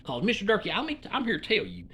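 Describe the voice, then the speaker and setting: A man's voice: sits high, huge pitch swings, quick pace, bright, forceful tone, slight background noise. A man from Alabama with a Southern accent, delivering a rambling comedic monologue in a folksy, profane, meandering way.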